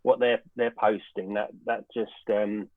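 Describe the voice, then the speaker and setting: An English man joins a podcast over a video call, hesitant and full of fillers and restarts. His voice is mid-pitched, and the line sounds tinny and phone-like with a dry feel. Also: little pitch movement, unhurried, no echo. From United Kingdom. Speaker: podcast guest. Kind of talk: casual podcast chat.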